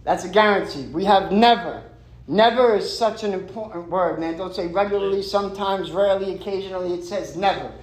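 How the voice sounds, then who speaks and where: A man's voice: high voice, a little fast, few pauses, reverberant, poor audio. A man sharing at a recovery meeting from a stage. He is emphatic and streetwise, and he keeps dropping "man" and "right".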